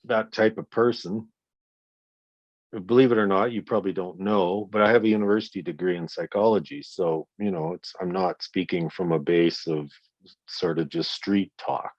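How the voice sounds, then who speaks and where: A man in his sixties speaks bluntly and forcefully in an interview and curses freely. His voice sits a little low. The recording is dry and slightly dull. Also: no room sound. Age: 60s. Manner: blunt, profane, emphatic storytelling. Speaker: guest, victim's father. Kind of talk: interview conversation.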